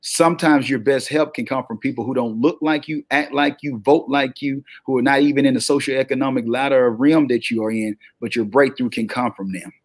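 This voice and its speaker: Southern-drawling man, energetic podcast guest. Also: medium pitch, fairly quick, few pauses, no room sound, clean studio sound. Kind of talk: motivational interview talk.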